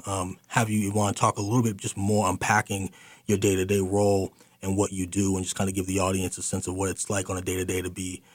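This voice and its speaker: Male radio host, fairly low voice, dry studio mic, chatty and affirming. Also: completely flat delivery, fast, no echo. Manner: chatty, affirming, many fillers. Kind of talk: radio talk show hosting.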